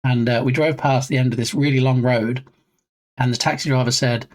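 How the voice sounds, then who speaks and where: A talkative streamer on a desk mic, casually chatting with viewers. The voice rises and drops a lot, and the tone stays playful and jokey throughout. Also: a little fast. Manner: chatty and joking, reading viewer names aloud; lively swings in pitch. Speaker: livestream host. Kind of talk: casual live-stream chat.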